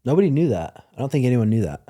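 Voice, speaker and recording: A man hosting a podcast in casual chat, animated and joking, often laughing and swearing. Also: mid-range voice, very fast. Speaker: podcast host.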